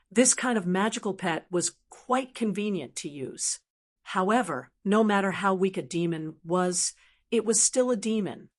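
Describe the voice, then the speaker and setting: A woman narrating a fantasy novel audiobook at a mid pitch. Her reading is steady and even, with the measured pacing of scripted narration.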